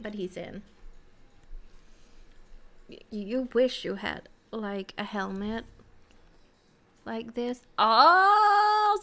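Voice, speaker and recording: A woman streaming a video game, chatting and giggling to herself and her viewers at a desk mic. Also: mid-range voice. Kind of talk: casual live-stream chat while playing.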